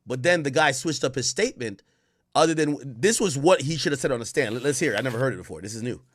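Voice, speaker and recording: Male streamer host, animated and profane, lively swooping delivery, dry close mic. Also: medium pitch, fast, no echo. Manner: animated, acts out quotes, profane. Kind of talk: casual streamed commentary.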